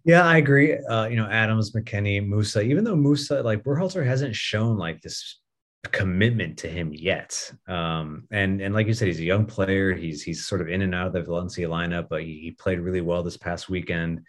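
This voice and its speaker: Low-voiced man, a guest talking soccer. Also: moderate pace. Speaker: podcast guest. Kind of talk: casual soccer podcast chat.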